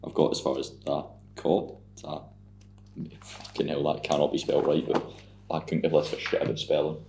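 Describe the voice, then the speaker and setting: A man's voice: very deep voice, monotone, fairly quick, creaky, warm tone. A man with a Scottish accent hosting a podcast, chatting casually in a blunt, teasing and sweary way. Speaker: podcast host. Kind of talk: casual chat. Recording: echoey room with a faint hum.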